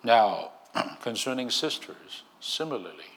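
A man's voice: medium pitch, very animated, a little slow, fairly bright tone. A man preaching a sermon as a minister, emphatic, with frequent restarts.

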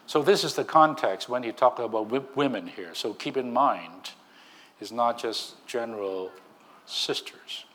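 Slow, emphatic male preacher. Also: medium pitch, a bit bright. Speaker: minister. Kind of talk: sermon.

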